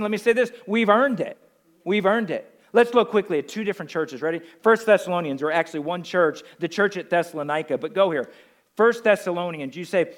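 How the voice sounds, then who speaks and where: High-voiced preaching man from the Northeast. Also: fairly bright tone. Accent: New Jersey. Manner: emphatic preaching with repeated rhetorical questions. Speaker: pastor. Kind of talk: sermon.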